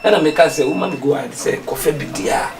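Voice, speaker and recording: A man's voice: a little high, quick pace, recorded from a distance, crowd noise. A man acting in a comedy sketch, pleading and complaining.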